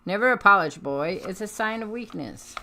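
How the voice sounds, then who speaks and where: A woman voicing a stern, ruthless male villain baron in a comic reading, booming and declamatory. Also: animated, brisk, creaky, bright, forceful tone, slight background noise. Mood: cold.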